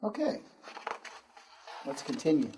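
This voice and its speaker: With a slightly high voice and huge pitch swings, an American man leads a pronunciation lesson in English. He says words slowly and clearly so learners can repeat them, over a noisy background.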